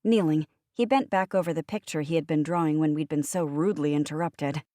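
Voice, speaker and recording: Woman, audiobook narrator, wry first-person storytelling, lowish voice, dry close studio sound. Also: a little fast, warm tone, dry recording.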